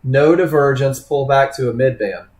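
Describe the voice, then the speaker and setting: A man's voice: mid-range voice, moderate pace, a little mellow. A man leading a live trading webinar, talking casually to students by name and acting out traders' thoughts. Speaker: trading instructor. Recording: echoey room.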